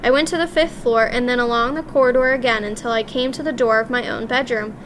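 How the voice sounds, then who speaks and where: Bright-voiced woman reading a story aloud. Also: a little high, quick pace, a little hiss or hum. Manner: lively, expressive first-person telling. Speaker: audiobook reader. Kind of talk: storybook narration.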